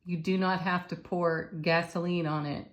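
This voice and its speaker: A woman giving an intuitive tarot card reading to her viewers, soothing and encouraging, with soft laughs. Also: on the low side, level tone, moderate pace. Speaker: tarot reader.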